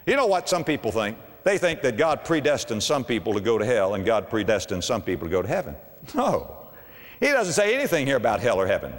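A man preaching a sermon, with a dramatic delivery that swings from quiet asides to ringing high cries. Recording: long hall reverb.

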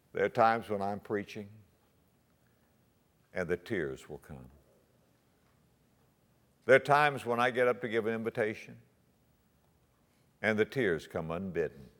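A man's voice: on the low side, a bit bright. A man, a pastor, giving an earnest teaching sermon that rises to emphatic, exhorting peaks. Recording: long hall reverb.

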